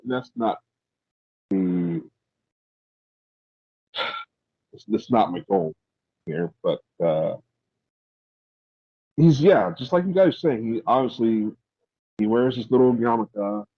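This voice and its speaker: Guy hosting a podcast, rambly and stop-start, pitch jumps all over, dull dry lo-fi sound. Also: animated, no room sound. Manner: rambling, halting, with many repeated starts. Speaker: podcast host. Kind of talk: casual opinionated chat.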